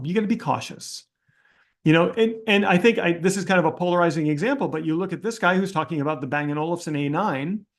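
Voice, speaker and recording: A man hosting a casual Q&A, talking bluntly and skeptically, thinking aloud with frequent restarts. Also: high-pitched. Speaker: host answering audience questions. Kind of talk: casual Q&A livestream talk.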